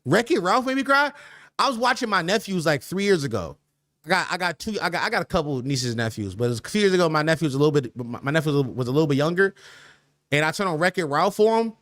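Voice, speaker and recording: A man's voice: fairly high pitch, expressive, very fast, a bit bright, dry recording, studio quality. A young man hosting a livestream podcast, talking loosely in slang and reacting to chat with laughs.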